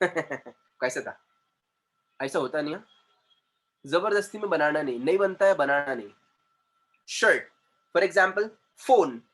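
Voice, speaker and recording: Male trainer, high voice, repeats and stretches syllables for a class. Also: animated, fairly bright tone. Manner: repetitive, drawn-out spelling of syllables, mixes in Hindi. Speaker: communication trainer. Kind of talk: classroom grammar lesson.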